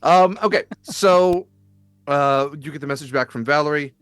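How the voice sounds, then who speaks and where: A man's voice: fairly high pitch, moderate pace, a bit bright, clean tone, no room sound. A man in a casual, self-deprecating manner as game master, with many filler sounds. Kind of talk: running a tabletop game, casual banter.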